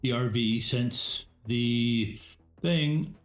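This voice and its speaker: A man's voice: mid-range voice, fairly bright tone, roomy sound, faint music behind. A man narrating a tabletop game as game master, hesitant and full of fillers and restarts. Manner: halting, many fillers and restarts.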